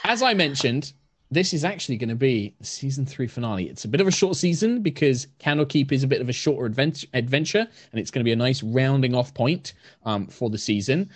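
Lively, playful male game-show host. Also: medium pitch, a little fast, dry recording. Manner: playful, rambling, lively intonation. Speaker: dungeon master and host. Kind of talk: casual show opening chat.

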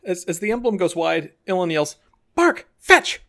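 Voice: mid-range voice, brisk. A tabletop player eagerly describing their character's actions. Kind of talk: casual tabletop play.

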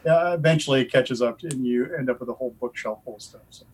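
A man in his forties from Wisconsin, a guest author telling stories in a relaxed, chatty way. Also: medium pitch, fast, slightly rough, low-quality recording. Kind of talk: casual interview.

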